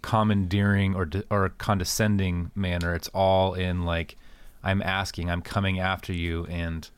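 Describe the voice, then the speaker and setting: A man's voice: sits low, little pitch movement, unhurried, clear, resonant tone, no echo. A man talking through scripture in casual conversation, thinking aloud and searching for words. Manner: thoughtful, searching, many fillers like "like". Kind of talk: conversational Bible discussion.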